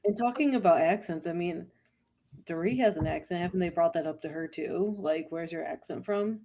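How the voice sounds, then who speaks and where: Lower-voiced woman chiming in. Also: moderate pace, warm tone. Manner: brief agreeing interjections. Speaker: podcast co-host. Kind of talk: casual chat.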